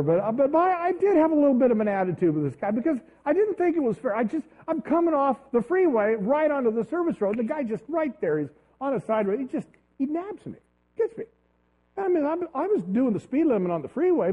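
A man with a high voice preaches, easing into his message through a chatty personal story told with frequent restarts. The sound is thin and tinny, like it came through a phone line. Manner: conversational, storytelling, halting restarts. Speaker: pastor.

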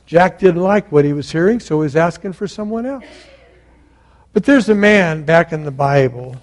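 A man's voice: on the high side, expressive, moderate pace. A man preaching from a church stage into a microphone, telling stories and building to emphatic points. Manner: storytelling, emphatic build-ups. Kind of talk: sermon.

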